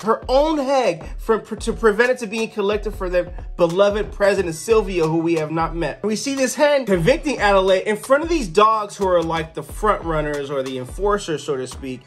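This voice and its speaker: Casual comic reviewer retelling a story. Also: medium pitch. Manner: loose, conversational retelling with restarts. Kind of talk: casual comic book recap with quoted character voices.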